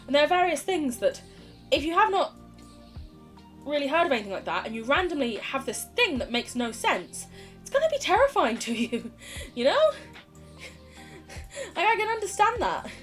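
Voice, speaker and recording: A young British woman chatting casually on a gaming livestream, wandering off on tangents and laughing often. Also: on the high side. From United Kingdom. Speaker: streamer.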